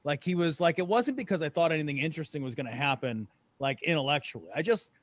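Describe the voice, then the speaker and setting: A man co-hosts a casual podcast, joking and acting out other people's voices as he talks. His voice sits a little high and bounces around in pitch, and the recording is dry and close. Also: quick pace, no room sound. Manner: lively, joking, acts out quoted voices. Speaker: podcast co-host. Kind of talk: casual chat.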